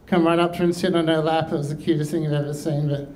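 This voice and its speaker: A man doing a hesitant, deadpan stand-up routine full of ums and pauses. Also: on the high side, a little hiss or hum, low-quality recording. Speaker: stand-up comedian.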